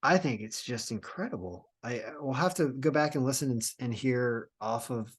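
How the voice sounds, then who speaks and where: Man, podcast host, casual chat, rambling, restarts a lot, mid pitch. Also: animated, moderate pace, husky. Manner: rambling, with many restarts and trailing phrases.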